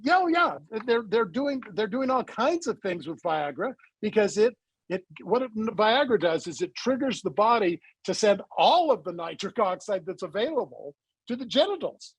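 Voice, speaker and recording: A man being interviewed as a guest and founder of a supplement company, telling his story in a lively way and acting out the dialogue he quotes. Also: high voice, moderate pace, slightly rough, no echo, poor audio. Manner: animated storyteller who acts out quoted dialogue.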